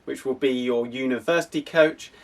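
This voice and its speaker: A man's voice: medium pitch, normal speed, distant mic. A young man from an athletics club, explaining casually with frequent restarts. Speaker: athletics club coach and host.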